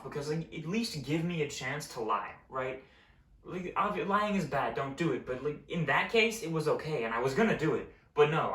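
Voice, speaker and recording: A man's voice: fairly high pitch, fairly bright tone, far from the mic. Young man ranting in a roomy echo. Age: young adult. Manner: ranting, exasperated, swears freely. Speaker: vlogger. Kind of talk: casual storytelling vlog. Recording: roomy echo, set back from mic.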